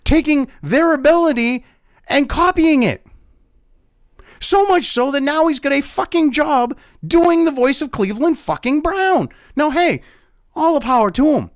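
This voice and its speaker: High-pitched ranting man, profane. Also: animated, a little slow, no room sound, clean studio sound. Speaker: commentary video host. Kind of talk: profane rant commentary.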